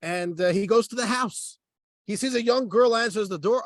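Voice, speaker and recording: Rabbi with a high, animated voice, acting out dialogue in a dry, close recording. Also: male voice, fairly quick, no room sound. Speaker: rabbi teaching a class. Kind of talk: storytelling Torah class.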